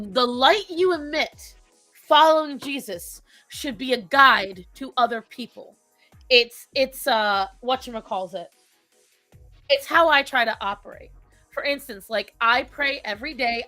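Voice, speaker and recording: A woman's voice: a little high, sharp tone, dry recording. A woman with a thick Rhode Island accent, telling stories in casual chat, laughing often and swearing freely. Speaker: podcast co-host.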